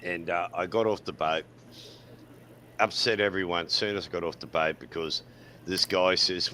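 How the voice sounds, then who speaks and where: A man's voice: low-pitched, fairly even intonation, normal speed, pushed and bright, slight background noise. A man in his sixties with an Australian accent, hosting a casual panel chat and telling bawdy anecdotes with frequent laughs.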